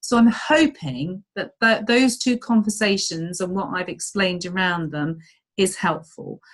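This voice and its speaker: A woman leading a group video call as a business coach, chatty and acting out little dialogues in bright voices. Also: lowish voice, unhurried.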